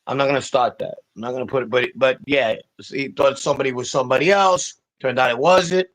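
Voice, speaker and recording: A man's voice: mid-range voice, brisk, fairly bright tone, rough recording. A man on a casual podcast, talking in a profane, rambling street style. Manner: profane, rambling street talk with mocking impressions. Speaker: guest.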